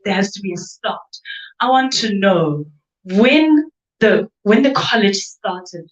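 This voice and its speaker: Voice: medium pitch, expressive, slow. An upbeat host running a live seminar in a chatty, conversational way and posing questions to the guest. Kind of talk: live event hosting. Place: seminar venue. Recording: echoey room, dull sound.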